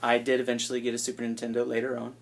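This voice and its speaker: A gravelly-voiced man in his twenties rambles casually, with a self-deprecating streak and hushed asides. His pitch sits in the middle range. He is recorded on an iPad held at arm's length. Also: completely flat delivery, racing. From United States. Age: 20s. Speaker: vlogger introducing himself.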